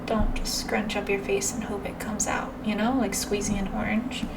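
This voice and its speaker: A woman's voice: mid-range voice, little pitch movement, moderate pace, vocal fry. A woman hosting a reaction video, giving casual, matter-of-fact, reflective commentary. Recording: distant mic with background noise.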